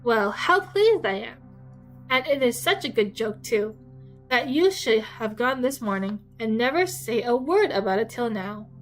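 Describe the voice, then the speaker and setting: A woman voicing a fretful, excitable middle-aged mother, complaining in a shrill, fussy way. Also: unhurried, faint music behind, poor audio. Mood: fussing.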